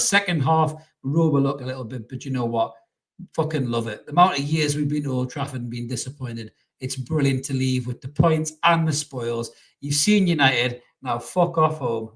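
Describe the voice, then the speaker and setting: A man co-hosting a live football reaction show, joking and swearing freely. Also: mid-range voice. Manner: sweary, jokey, repeats words when excited. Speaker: football podcast co-host. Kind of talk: live post-match reaction chat.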